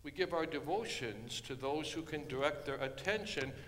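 A man preaching a sermon, telling a story dramatically and dropping from hushed tones to loud ones. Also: a little high, lively intonation, normal speed. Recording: long hall reverb.

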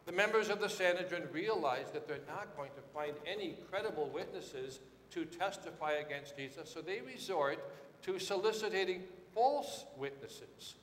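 A man preaching a sermon with dramatic swings, rising to shouted quotes and dropping low and quiet. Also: expressive, moderate pace, roomy sound, long reverb tail, slight background noise.

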